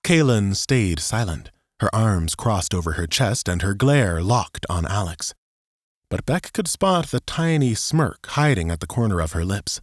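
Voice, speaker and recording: Man narrating an audiobook, lively. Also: on the low side, a little slow, no echo, clean studio sound.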